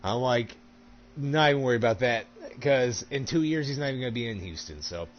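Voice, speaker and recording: A man chatting casually while gaming, animated and profane, laughing often. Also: medium pitch, fairly quick, lo-fi sound, slight background noise.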